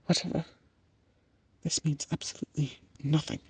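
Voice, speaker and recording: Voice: medium pitch, level tone, moderate pace, darkish tone, breathy edge, dry recording. A voice actor playing a proud, captured demon with horns in an audio role-play, talking haughtily and defiantly while fighting off laughter. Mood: resisting tickles.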